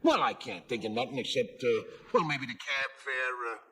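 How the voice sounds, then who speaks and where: An actor playing a gruff, bossy working-class middle-aged husband, barking orders in a 1970s sitcom. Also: male voice, mid-range voice, normal speed, heavy background noise, natural voice. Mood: blustering.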